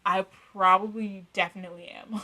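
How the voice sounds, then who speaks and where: Bright-voiced blunt young woman. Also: mid-range voice, steady tone, normal speed, poor audio. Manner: blunt, rambling, swears a lot, frequent "like". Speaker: podcast co-host. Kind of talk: casual chat.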